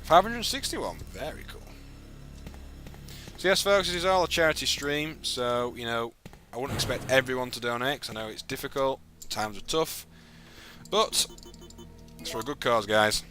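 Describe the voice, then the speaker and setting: A man's voice: medium pitch, moderate pace, long pauses, soft background music. A young man hosting a live game stream, chatting and joking with a co-host and viewers. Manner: chatty, jokey, lively delivery. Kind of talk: live gameplay chat.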